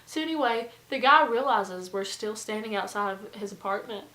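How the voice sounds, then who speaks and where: A young woman, telling a storytime vlog in a chatty, animated way full of fillers. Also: medium pitch, moderate pace, roomy sound, low-quality recording. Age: young adult. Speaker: vlogger.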